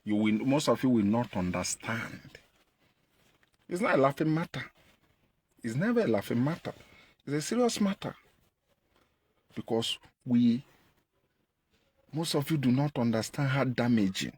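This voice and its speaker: A man with a Nigerian Igbo accent delivering an impassioned political monologue, repeating his points and jumping in pitch for emphasis. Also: sing-song, a little slow, pauses often, a little mellow, husky, no echo. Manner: emphatic, repetitive, pitch leaps when stressing. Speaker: activist commentator.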